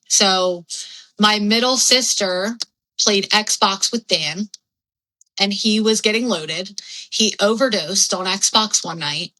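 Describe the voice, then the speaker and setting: A woman's voice: mid-range voice, sharp tone, poor audio. A young adult woman telling her own story candidly as a podcast guest, rambling and frank with lots of fillers and swearing.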